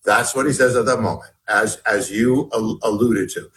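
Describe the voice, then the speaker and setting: A man, an author and guest on an interview show, telling a personal story emphatically and shifting between raised and hushed tones. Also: on the low side, moderate pace.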